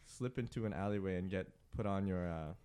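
A man's voice: sits low, brisk, warm tone, clean tone. A man hosting a podcast, telling an improvised comic story in a rambling way, full of fillers and sudden outbursts.

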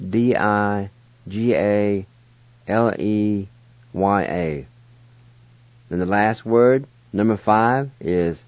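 A lower-voiced man teaches vocabulary at a very slow, measured pace, spelling out letters one at a time. The sound is dry and close, with a dull, lo-fi radio quality. He has the steady, patient delivery of a teacher. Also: dry recording. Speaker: language teacher. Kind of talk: radio language lesson.

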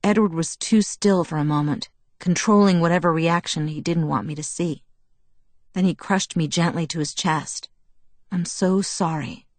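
A woman reading a first-person audiobook in an even, intimate storytelling way on a close studio mic. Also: sits low, moderate pace, no room sound. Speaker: audiobook narrator.

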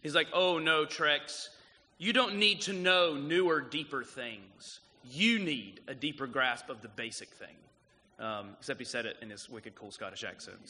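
A man's voice: medium pitch, moderate pace. A man with a South Carolina accent, a guest pastor preaching in a casual, storytelling way. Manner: casual, animated storytelling with lots of "like" and "um". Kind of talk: sermon. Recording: long hall reverb.

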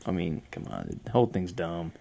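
A man's voice: sits low, huge pitch swings, fairly quick, vocal fry, warm tone. A man hosting a casual podcast chat, rambling, trailing off and laughing often. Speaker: podcast host.

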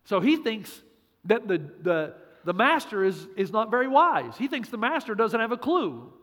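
A man's voice: high-pitched, sing-song, moderate pace, fairly bright tone, big-room sound. A man preaching a sermon as pastor, punchy and joking, with emphatic repeats.

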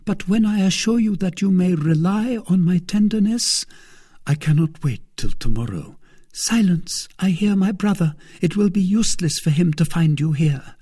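A man voicing a cold, scheming noblewoman, speaking high and insistent. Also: expressive, moderate pace, mellow, slightly rough. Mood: urgent.

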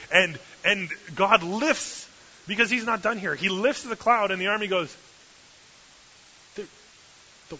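Animated pastor telling a story. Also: male voice, high-pitched, a little slow, long pauses. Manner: lively, acts out voices, shifts from hushed to loud. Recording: dull lo-fi recording with faint hiss.

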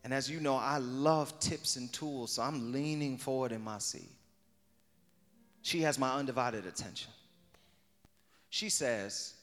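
A pastor preaching a sermon, moving from hushed talk to sung, shouted preaching. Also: male voice, mid-range voice, a little slow. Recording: long hall reverb with music behind.

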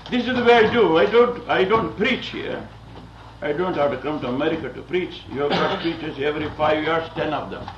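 Captured on a dull, roomy, distant old recording, a visiting Bible teacher from India wanders through a lecture-style sermon, frequently chuckling and dropping "you see." He speaks fairly quickly in a slightly high voice against a noisy background.

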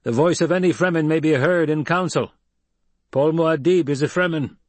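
A man voicing a bearded desert chieftain who speaks with flat, measured dignity. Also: on the high side, no room sound, voice pushed up, natural voice. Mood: solemn.

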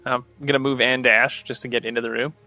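A man playing a tabletop game, speaking with wry, deadpan humor. His voice is bright and mid-pitched. Faint music runs behind him. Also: fast talker. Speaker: player. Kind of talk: tabletop role-play.

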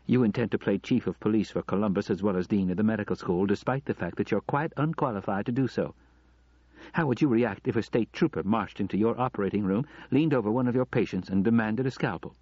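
A level-headed wife who argues with cool, pointed firmness, as a male narrator puts her on. The husky voice is lifted in pitch. It comes over a dry, dull recording. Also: fast, no room sound. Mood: firm. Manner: calm, pointed, firm. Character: calm, sharp-tongued middle-aged wife.

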